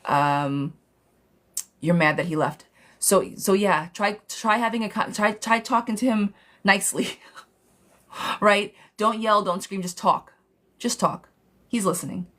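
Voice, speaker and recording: A woman's voice: mid-range voice, a little slow, long pauses, a bit bright. A woman giving a live-streamed tarot reading, blunt and direct, talking casually with some swearing and calling the viewer "girl". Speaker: tarot reader.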